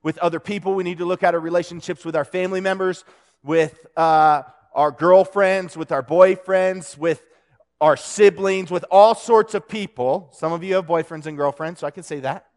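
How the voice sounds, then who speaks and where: High-voiced man giving a casual sermon. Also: fairly even intonation, moderate pace, vocal fry. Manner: conversational, joking, with restarts.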